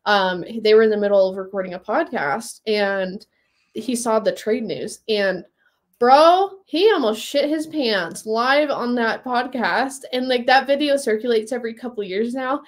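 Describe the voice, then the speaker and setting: A woman co-hosting a hockey podcast in casual chat, an animated storyteller who acts out quotes. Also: on the high side, a little slow. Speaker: podcast co-host.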